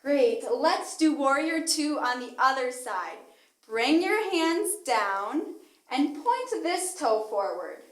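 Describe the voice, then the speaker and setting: A woman leading a children's yoga class, speaking in a cheerful sing-song way and coaxing the kids through each pose. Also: sits high. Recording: echoey room.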